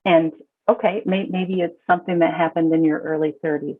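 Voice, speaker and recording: A woman's voice: low-pitched, fairly even intonation, fairly quick. A woman counselor speaking as a podcast guest in an emphatic, casual way, often repeating her words as she starts a thought. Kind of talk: casual conversational advice. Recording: tinny phone-like call audio.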